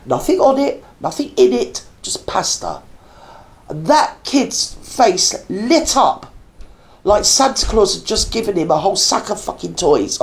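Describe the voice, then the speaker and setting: A woman rants through a reaction video, blunt and scornful and quick to swear. Her pitch leaps and dives across a very wide range as she goes. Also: sing-song. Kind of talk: ranting reaction commentary.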